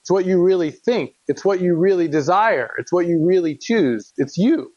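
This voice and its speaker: A man's voice: high-pitched, animated, normal speed, a little mellow, no echo, dull audio. A man teaching from the Bible, reading verses aloud and then explaining them plainly while asking the congregation questions. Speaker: preacher.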